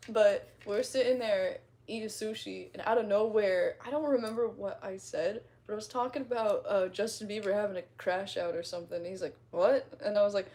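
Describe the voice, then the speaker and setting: A woman's voice: medium pitch, moderate pace, few pauses, darkish tone. A young woman chatting casually with her followers, rambling in slang, laughing often and retelling stories dramatically. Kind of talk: casual chat.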